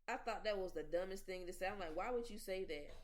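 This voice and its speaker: A woman's voice: mid-range voice, quick pace. A woman hosting a casual gossip podcast, telling stories with animation and mimicking the people she talks about. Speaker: podcast host.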